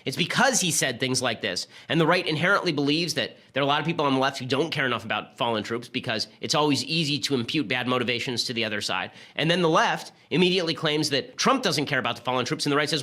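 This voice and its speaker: A man hosting a political commentary show, talking in a rapid, sarcastic, argumentative way. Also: medium pitch, lively intonation, pushed and bright. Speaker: host.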